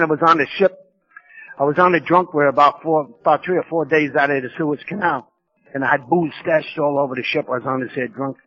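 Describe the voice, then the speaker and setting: A man's voice: on the high side, pushed and bright. Gritty New man telling his story. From New York. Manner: gritty, streetwise, rapid-fire storytelling. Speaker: speaker at a recovery conference. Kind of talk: personal storytelling talk. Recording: lo-fi 1990s conference tape.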